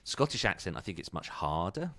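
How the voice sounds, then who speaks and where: A man's voice: sits low, sing-song, a little fast, a bit bright, dry recording. A man hosting a podcast in casual chat, chatty and self-deprecating, laughing easily. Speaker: podcast host.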